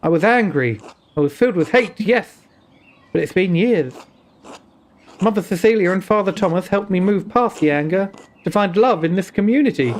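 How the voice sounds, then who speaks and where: In a high, animated voice at normal speed, a man reads the lines of a young nun who survived an attack, using a put-on Welsh accent. The character is traumatized, quiet, and guarded, and the mood is sorrowful.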